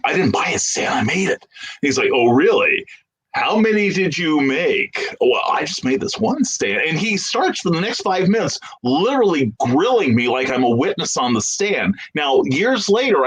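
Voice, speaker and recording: A man's voice: on the high side, normal speed, husky, poor audio. A middle-aged American man telling a long anecdote as a guest in a casual video-call interview, acting out the people he quotes. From United States. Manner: animated anecdotal storyteller, acts out quoted voices.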